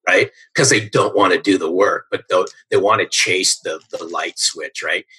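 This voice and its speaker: A man's voice: sits low, steady tone, normal speed, bright, forceful tone, husky, low-quality recording. A middle-aged man, a sales coach guest on a podcast, telling stories with energy and emphasis and often asking "right?". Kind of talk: podcast interview storytelling.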